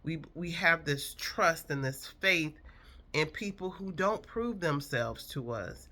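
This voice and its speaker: A woman's voice: deep voice, lively intonation, takes it slowly, bright, forceful tone. A woman in her fifties telling a personal story from her past in an earnest, reflective, emotional way.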